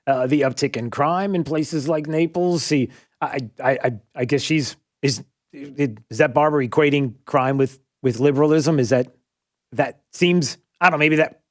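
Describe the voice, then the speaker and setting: A man's voice: a little high, moderate pace. A man hosting a call-in talk radio show, chatting and joking with callers and rambling through his points with frequent restarts.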